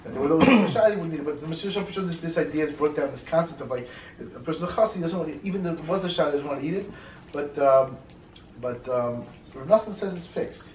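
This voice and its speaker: A man teaching an informal Torah class, telling stories quickly and animatedly with lots of fillers. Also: fairly high pitch. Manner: fast, animated storytelling with many fillers. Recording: echoey room, mic far off, faint noise.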